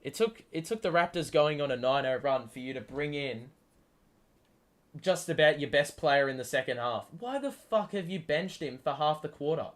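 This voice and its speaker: A man calling a basketball game live for his stream audience, and his voice sits a little higher than most men's. He talks straight at the players, swearing when a play annoys him and surging when a shot drops. His delivery is quick, rough-edged play-by-play mixed with fan ranting. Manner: excitable, swears often, talks back at the players. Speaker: host. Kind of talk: live sports watchalong commentary.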